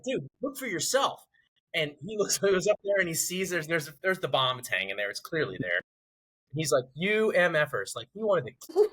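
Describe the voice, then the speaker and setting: A podcast host tells a funny military story in casual chat, animated and acting out the others' lines with a rising voice. His voice is on the high side and husky, and the recording is rough.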